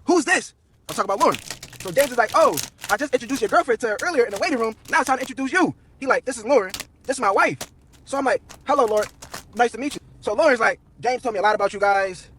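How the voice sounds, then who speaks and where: A man's voice: very high voice, lively intonation, rapid-fire, fairly bright tone, a little hiss or hum. A young man telling a long personal story on a live stream, slangy and profane, quoting everyone in turn.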